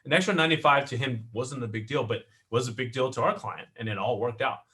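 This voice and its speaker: A middle-aged man teaching a live online real estate class in an animated way, often checking in with "right?". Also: mid-range voice, quick pace.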